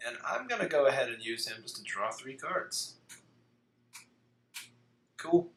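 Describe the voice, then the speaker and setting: His medium-pitched voice swings widely in pitch and has a fairly bright tone. The man hosts a relaxed tabletop card game podcast, quickly reading out rules between jokes, recorded in an echoey space with faint hiss.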